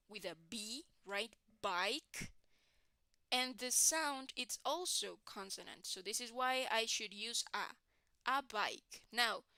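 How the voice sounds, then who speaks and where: Woman, teacher, slow classroom explanation, smooth clear voice, dry close sound. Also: fairly high pitch, sharp tone, no room sound. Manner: repeats "right, guys?" often, restarts and repeats words. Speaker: English teacher.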